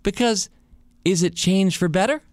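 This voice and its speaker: A man hosting a podcast alone. He talks casually and thinks out loud, and he asks many rhetorical questions. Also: high-pitched, moderate pace, dry recording, studio quality. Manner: reflective, full of rhetorical questions. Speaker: podcast host. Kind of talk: casual solo monologue.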